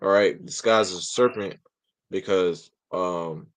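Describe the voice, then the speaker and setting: A man's voice: deep voice, unhurried, no echo, rough recording. A man in a casual religious discussion, talking bluntly and emphatically with some profanity.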